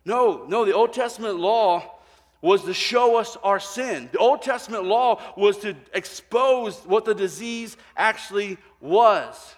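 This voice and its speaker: A pastor delivers a sermon in a high, bright voice, drawing listeners in with stories where he plays every part. He drops to quiet moments and rises to near shouts. His voice rings through a big hall with a long reverb tail. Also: unhurried. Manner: animated storyteller, voicing people in his anecdotes, swinging from quiet to shouting. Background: congregation.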